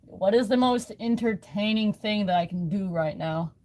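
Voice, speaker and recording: A woman talking off the cuff on a live stream, her pitch sitting in an ordinary middle range. She wanders from thought to thought, teases herself and breaks into laughs often, recorded on a phone. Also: normal speed, darkish tone. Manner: rambling, self-mocking, often laughing. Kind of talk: casual live stream chat.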